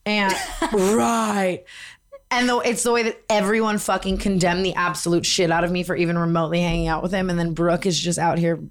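A woman's voice: fairly low pitch, fairly even intonation, brisk. A young woman co-hosting a podcast, jittery from caffeine, reacting in a blunt, profane way. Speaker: podcast co-host. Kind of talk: casual chat.

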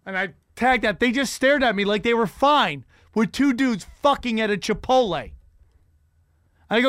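A man's voice: very high voice, expressive, moderate pace, a bit bright, no echo, studio quality. A man telling rambling, profane stand-up stories on a podcast, with frequent restarts. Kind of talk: casual profane storytelling.

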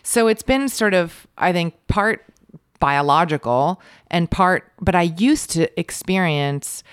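Brief: forties woman host, low and smooth tone, soft-spoken and thoughtful, dry close mic. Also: slow, no room sound. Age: 40s. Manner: soft, reflective, thinks aloud. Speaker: podcast host. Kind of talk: casual conversation.

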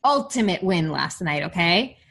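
A woman's voice: on the low side, animated, a little slow, vocal fry, a bit bright, slightly rough. A woman in her thirties co-hosting a casual podcast chat, candid and chatty, full of "like". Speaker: podcast co-host. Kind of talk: casual chat over video call.

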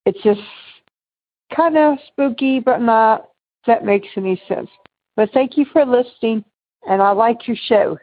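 A woman's voice: mid-range voice, husky. A woman caller telling a personal ghost story in a casual, rambling way. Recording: phone line, muffled.

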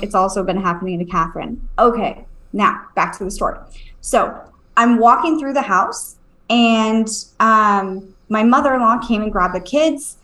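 Animated woman telling a ghost story. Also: medium pitch, poor audio. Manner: animated, swears, keeps checking in with "okay?". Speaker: psychic medium and podcast co-host. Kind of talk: casual storytelling on a live stream. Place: at home.

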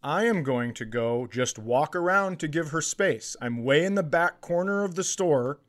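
A middle-aged man doing stand-up storytelling. He tells the tale in a slightly high voice and jumps into the voices of the people in it. His delivery is animated and conversational. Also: moderate pace. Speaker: comedian.

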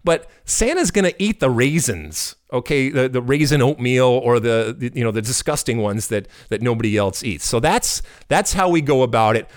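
A middle-aged man co-hosting a soccer podcast in casual chat, talking in animated bursts and often repeating words. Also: medium pitch, normal speed, hardly any pauses. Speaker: podcast co-host.

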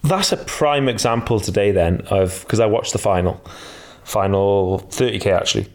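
A man's voice: on the low side, normal speed, darkish tone. A male podcast co-host giving enthusiastic opinions on cycling in a casual chat.

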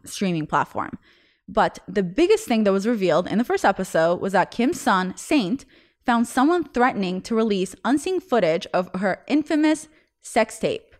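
Chatty young woman telling a story. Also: a little high. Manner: chatty, fills speech with "like", laughs often. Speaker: podcast host. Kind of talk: casual storytelling chat.

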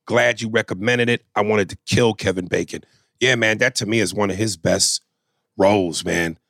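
A man's voice: medium pitch, gravelly, pushed and bright, no room sound, clean studio sound. A man co-hosting a casual podcast chat, joking loosely and swearing freely. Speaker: podcast co-host.

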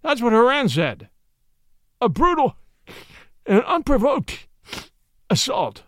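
A man playing Watson, a gleeful scheming gentleman. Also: very high-pitched, big pitch swings, slow pace, voice pushed up, full character voice. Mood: mock outrage. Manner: mock-indignant, theatrical protests.

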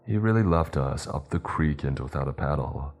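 A man's voice: a bass voice, animated, normal speed, a little mellow, faint music behind. A man voicing an upbeat male ship crewmate who talks in an easygoing, joking way. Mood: cajoling.

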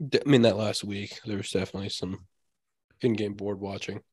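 A man's voice: lowish voice, steady tone, brisk, breathy edge, no room sound. A young man hosting a casual podcast, talking over a baseball season in a downbeat, reflective way. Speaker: podcast host and baseball player. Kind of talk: casual chat.

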